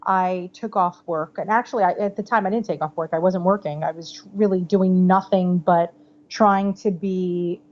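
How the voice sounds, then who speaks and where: A woman in her thirties, a podcast guest telling a personal story in a chatty, animated way, full of "like" and "you know". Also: on the low side, moderate pace, a little hiss or hum. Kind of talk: casual storytelling interview. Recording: slightly dull podcast audio.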